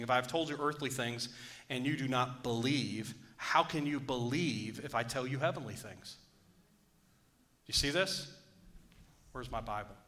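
Joking with his congregation and calling for amens, a pastor delivers a sermon. His voice is mid-range with a sharp tone.

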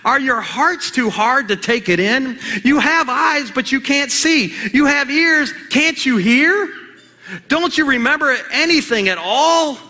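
An exasperated Jesus, as a preacher acts him out, pressing raised, pleading questions at his slow followers. The voice is high and bright, and it echoes through a large hall. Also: lively intonation, heavily acted.

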